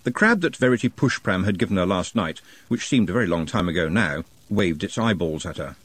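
Male narrator, expressive and wry, husky voice, dry close mic. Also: low-pitched, fairly quick, no echo. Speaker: audiobook narrator. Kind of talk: scripted narration.

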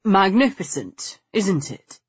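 Woman narrator doing a courteous, flirtatious gentleman, smooth and coaxing, slow and husky. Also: high voice, very animated, no echo, dull audio, full character voice. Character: charming, flirtatious man, enthusiastic about antiquities.

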